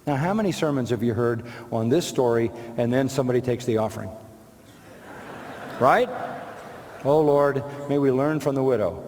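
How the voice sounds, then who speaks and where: A man's voice: medium pitch, normal speed, pauses often, darkish tone, a little hiss or hum. A man preaching a sermon, emphatic and rhetorical, answering imagined objections with short, repeated phrases. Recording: long reverb of a large hall.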